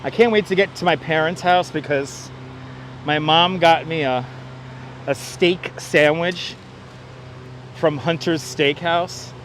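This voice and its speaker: A man with a fairly high voice chats casually while walking outdoors. He thanks viewers and tosses off jokey asides into a wireless clip-on mic. Faint city traffic hums in the background. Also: takes it slowly, pauses often, a bit bright. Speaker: livestreamer. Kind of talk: casual live vlog chat. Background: traffic and city ambience.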